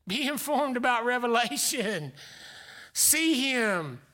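A male pastor delivering a dynamic sermon, swinging between loud exclamations and hushed whispers. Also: extremely high pitch, big pitch swings, takes it slowly.

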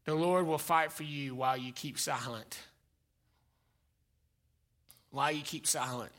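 A male pastor delivering a dynamic sermon, swinging between loud exclamations and hushed whispers. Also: on the high side, normal speed.

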